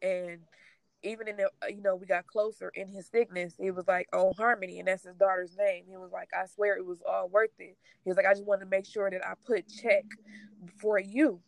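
Woman choking back tears, halting talk, dry close sound. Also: mid-range voice, flat delivery, vocal fry, no echo, rough recording. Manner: halting, tearful, trying not to cry. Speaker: grieving sister sharing her story. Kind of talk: emotional casual conversation.

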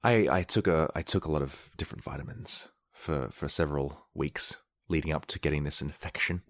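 A man's voice: very deep voice, fairly quick, creaky, a bit bright, no room sound. A man rambling sarcastically in a comedic monologue, now and then acting out quoted people in short bursts while sick with a mild illness.

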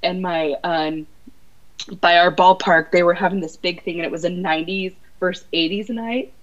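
A woman guest on a podcast, telling excited fan stories in casual chat. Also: on the low side, normal speed. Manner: excitable fan storytelling with laughs. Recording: dull lo-fi podcast audio.

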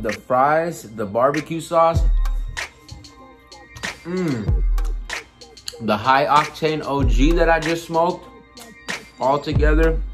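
A young man hosting a casual food vlog, talking loosely and excitedly to his viewers in slang. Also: on the low side. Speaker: podcast host. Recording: music playing behind.

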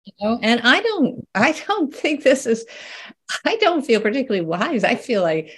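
An older woman talking as an interview guest, in a lively, casual way, laughing often and restarting her sentences. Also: on the high side, moderate pace, slightly rough. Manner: animated, laughs often, many restarts and fillers. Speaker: guest, researcher.

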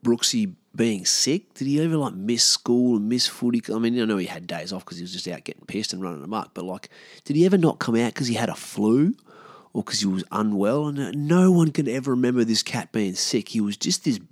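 A man's voice: fairly low pitch, animated, quick pace, a little mellow, dry recording, clean studio sound. A man in his thirties with an Australian accent, telling stories from his past in a casual, laid-back way, swearing freely and often trailing off. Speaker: podcast host. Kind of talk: casual storytelling monologue.

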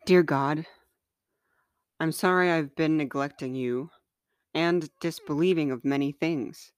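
Woman, author reading her own confessional letters; slow, smooth, close dry sound. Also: sits low, no echo.

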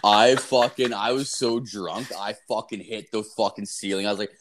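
Male podcast co-host in his thirties, low-pitched, profane and rambling. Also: normal speed, few pauses. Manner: profane, rambling, animated storyteller. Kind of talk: casual storytelling chat.

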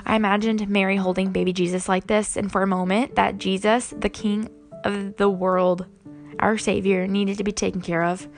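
A woman's voice: mid-range voice, level tone, normal speed, soft background music. A young woman and mother talking casually and earnestly to her viewers, with lots of ums. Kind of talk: casual faith vlog chat.

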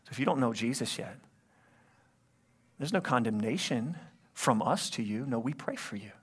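A man preaching as a pastor in a church, pleading and impassioned, swelling loud and then dropping low during an altar call. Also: animated, moderate pace, breathy edge. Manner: impassioned, rising to loud climaxes then hushed. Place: church sanctuary, livestreamed.

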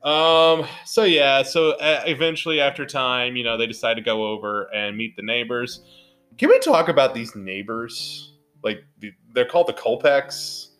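A man's voice: medium pitch, normal speed, a bit bright, faint music behind. A man co-hosting a casual movie podcast, talking in an upbeat, rambling way full of fillers. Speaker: podcast co-host.

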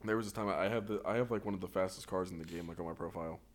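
Fast-talking low-voiced man. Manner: quick, laughing, casual storytelling. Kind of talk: casual gaming chat.

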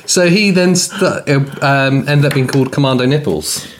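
A man's voice: medium pitch, normal speed, slight background noise. A man co-hosting a podcast, telling stories in casual banter and laughing often. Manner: jokey, laughs often, lively storytelling. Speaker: podcast co-host.

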